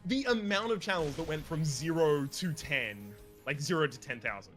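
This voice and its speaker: A man's voice: a little high, animated, moderate pace, a bit bright, faint music behind. A man co-hosting a let's play, chatting casually while gaming in a rambling, opinionated way and swearing freely.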